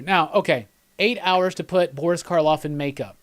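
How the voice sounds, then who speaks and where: Brisk and on the high side, this man's voice carries his live movie commentary. He hosts with casual enthusiasm, laughing and rambling while talking with viewers.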